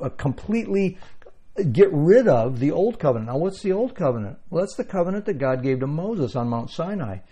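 Mellow-voiced man preaching a teaching sermon. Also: medium pitch, husky. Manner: teaching, explains verses, emphatic repetition. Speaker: pastor.

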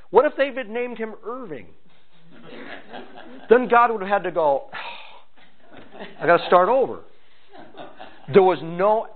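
A man preaching an expository sermon, with pointed asides to his listeners. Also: a little high. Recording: tinny phone-like sound.

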